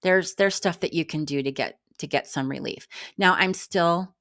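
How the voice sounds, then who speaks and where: A woman in her fifties speaks candidly to her viewers in a personal vlog. Her voice sits low, and she talks in a frank, exasperated, chatty way, restarting sentences and tired out. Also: normal speed, fairly bright tone. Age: 50s. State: exhausted. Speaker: vlogger.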